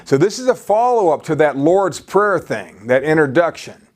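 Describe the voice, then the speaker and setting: A man's voice: fairly high pitch, very animated, normal speed, a little mellow. A male preacher delivering a sermon, peppering his talk with "you see" and frequent restarts.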